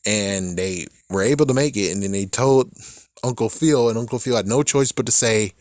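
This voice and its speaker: Lowish-voiced man ranting casually. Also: moderate pace, no room sound, clean studio sound. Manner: animated, profane, laughing asides. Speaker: show recap vlogger. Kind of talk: casual reaction rant.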